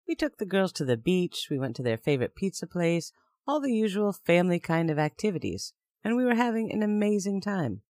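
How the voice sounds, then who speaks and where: A man's voice: a little high, darkish tone, dry recording. Man narrating a personal story, dry sound. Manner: plain, conversational retelling.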